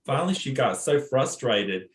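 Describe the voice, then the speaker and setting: A man co-hosting a casual book and film club chat, telling stories in a polite, composed way with soft laughs. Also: mid-range voice, very animated, moderate pace, slight background noise. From southern United States. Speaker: co-host. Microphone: video call. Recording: roomy echo.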